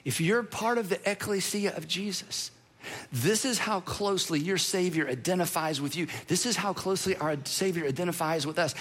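A man preaching a sermon, telling the story in an animated way with playful humor. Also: high-pitched, normal speed. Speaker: pastor.

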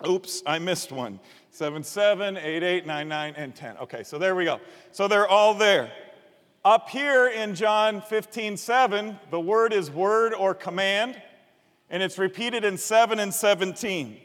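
A male pastor with a fairly high voice teaches his congregation from slides, lively and explaining as he goes. His voice carries a long reverb from a big hall. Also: unhurried. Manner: animated, explaining, invites congregation to repeat words.

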